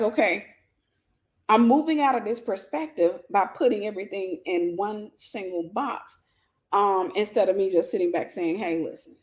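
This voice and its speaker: A middle-aged woman, preaching a livestreamed sermon with lively quoted voices and repetition. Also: mid-range voice. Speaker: pastor and teacher.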